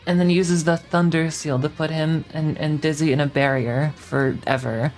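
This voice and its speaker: A woman's voice: sits low, flat delivery, moderate pace, darkish tone, soft background music. A woman streamer giving a rambling, profane, sarcastic recap in casual chat.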